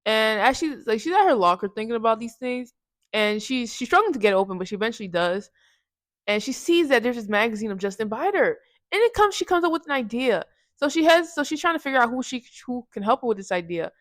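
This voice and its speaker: A woman's voice: fairly high pitch, very animated, fast, dry recording. A woman casually recapping a movie for her review channel, rambling in slang and often correcting herself. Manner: rambling, slangy, self-correcting with restarts and laughs.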